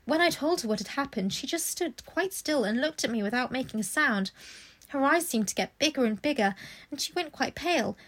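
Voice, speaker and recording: A woman's voice: high voice, expressive, fairly quick, fairly bright tone. A woman voicing a timid, fussy older woman recounting events, read aloud from a storybook. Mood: wondering.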